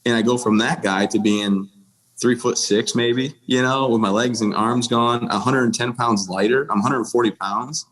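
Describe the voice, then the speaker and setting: In a mid-range, slightly bright voice with a steady tone and moderate pace, this US podcast guest in his thirties shares a candid personal story. His delivery is blunt and plain, full of restarts and "you know"s.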